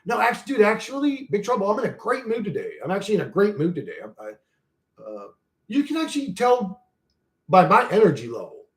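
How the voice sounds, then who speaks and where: A young man ranting profanely on a live stream, reading chat aloud and swinging between loud outbursts and low mutters. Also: big pitch swings, quick pace. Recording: echoey room.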